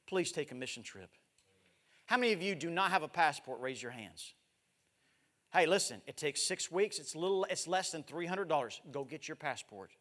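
A man in his forties preaching a missionary sermon, swinging from loud exhortation to hushed, drawn-out words. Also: fairly high pitch. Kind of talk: evangelistic sermon with live demonstration. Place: large church sanctuary. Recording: echoey church hall.

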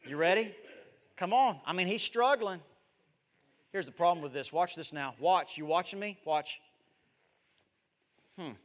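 A man in his forties preaching a missionary sermon, swinging from loud exhortation to hushed, drawn-out words. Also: high-pitched. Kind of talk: evangelistic sermon with live demonstration. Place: large church sanctuary. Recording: echoey church hall.

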